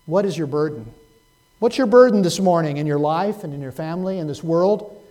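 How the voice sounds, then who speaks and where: A man preaching a Sunday sermon as pastor, swinging from loud, pleading cries to hushed, soft words. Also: on the high side, lively intonation, brisk, rough recording.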